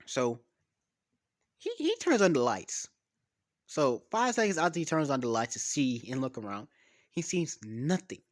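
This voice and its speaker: A man's voice: mid-range voice, big pitch swings, a little slow, long pauses. A man casually making up a story as he goes, rambling, swearing and losing track of names.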